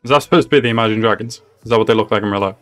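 A man's voice: on the low side, very fast, soft background music. A man hosting a reaction video, talking casually and blurting out reactions, often swearing and laughing. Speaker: reaction channel host.

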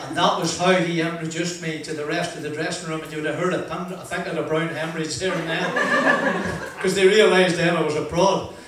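A man's voice: on the high side, a little fast. An older man with a broad Northern Irish accent from Ballymoney, telling humorous stories as a speaker at an event and acting out the dialogue. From Northern Ireland. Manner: broad, lively anecdotal delivery, acting out dialogue. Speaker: motivational speaker. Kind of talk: humorous storytelling speech. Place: event venue with audience. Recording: echoey hall, distant mic, faint noise.

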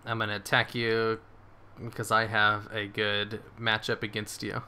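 A man giving excitable live commentary on his game, swearing and cheering his moves as he plays. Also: fairly low pitch, a little slow, clear, resonant tone. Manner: excitable, swears, laughs often. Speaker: gaming streamer.

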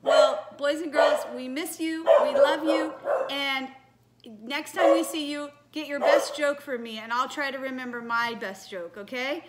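A woman's voice: high voice, steady tone, measured pace, very noisy. A woman leading a church children's message, chatting playfully and laughing at herself as she tells jokes to children. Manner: playful, giggly, self-teasing. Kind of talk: casual talk to children.

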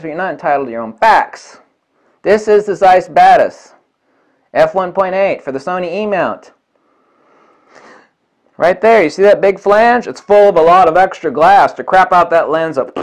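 A man reviewing camera lenses in a vlog, blunt and combative, swearing often and repeating points for emphasis. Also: high-pitched. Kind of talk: ranting product review vlog.

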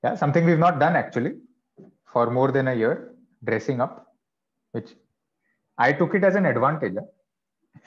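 A man's voice: medium pitch, expressive, normal speed, pauses often, highs cut off. A man teaching vocabulary in an online class, explaining patiently with chatty asides. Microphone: video call.

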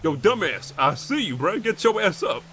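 A man's voice: sits high, big pitch swings, moderate pace, a bit bright, a little hiss or hum. A man streaming a game role-play as a pirate robber, brash and profane, throwing in growled pirate calls.

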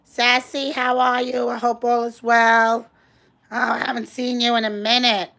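Here the livestream host's voice rises to a fairly high pitch, level yet bright and forceful, delivered without hurry. She's a middle-aged woman with a New York accent, gushing over her viewers on a casual phone stream, calling them by name and reading their comments aloud.

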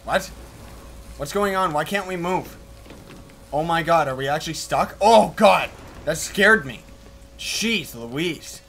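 A man's voice: on the high side, animated, slow, vocal fry, pauses often, a bit bright, a little hiss or hum. A man giving joking, goofy commentary while playing a video game. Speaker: let's play host.

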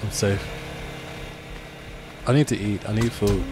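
A man streaming a game live, chatting with viewers and other players, swearing often and yelling and laughing when he gets attacked. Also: fairly low pitch, fairly even intonation, measured pace, over music. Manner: talks to chat and other players. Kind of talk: live gameplay streaming chat.

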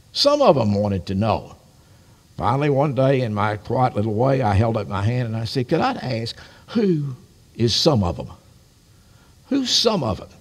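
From a church sanctuary, a live-streamed service carries long reverb as an older man preaches. This pastor's voice is medium-pitched and slightly rough, and he tells his sermon like a folksy story, adding friendly asides.

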